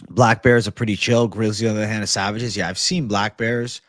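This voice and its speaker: Young dude on a livestream, swears a lot, gets hyped, dry close sound. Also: male voice, on the low side, fairly quick, no echo. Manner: profane, excitable, laid-back bro talk. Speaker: MMA livestream host. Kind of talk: casual livestream chat reading comments.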